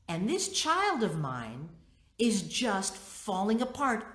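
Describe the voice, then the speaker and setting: A middle-aged woman leading a workshop, teaching and telling a personal story in an expressive way, acting out her own thoughts. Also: mid-range voice, a little slow. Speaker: workshop leader. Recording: roomy echo.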